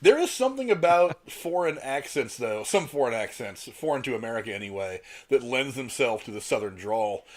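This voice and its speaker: A man's voice: mid-range voice, big pitch swings. A man hosting a film discussion podcast, telling anecdotes and laughing easily. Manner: talks fast, tells anecdotes, laughs easily. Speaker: podcast host. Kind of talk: casual chat.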